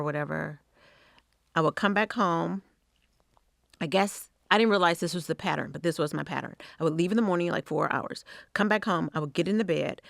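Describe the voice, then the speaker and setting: A middle-aged woman hosting a podcast, telling a personal story in a frank, profane, conversational way with quick asides. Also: fairly low pitch, a bit bright, no room sound, studio quality. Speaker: podcast host.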